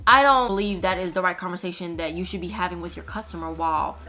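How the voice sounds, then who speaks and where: A woman's voice: on the low side, quick pace, pushed and bright. A woman voicing a condescending older female customer, patronizing and prim, inside a story. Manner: patronizing, then stiffly apologetic.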